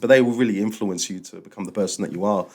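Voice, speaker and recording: Low-voiced man reminiscing. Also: fast talker, husky. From Australia. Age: 40s. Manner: relaxed, reflective, peppered with "like" and "man". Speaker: guest, drum and bass MC. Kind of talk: reflective storytelling in casual chat.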